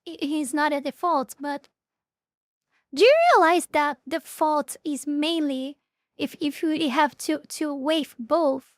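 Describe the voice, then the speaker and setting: A woman's voice: high voice, no echo, studio quality. A woman streamer giving blunt, heated reaction commentary, swearing often and repeating her words. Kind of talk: casual live reaction commentary.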